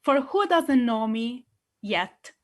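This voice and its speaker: Slow-speaking Italian woman, theatrical. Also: on the high side, lively intonation. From Italy. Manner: playful, theatrical, addresses audience directly. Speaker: meeting host. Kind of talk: enthusiastic public address.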